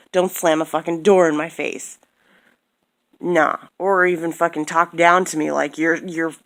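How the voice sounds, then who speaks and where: A woman's voice: sits low, fairly bright tone. A woman in her thirties giving a heated, profane personal rant, tired and repeating herself as she vents. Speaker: vlogger.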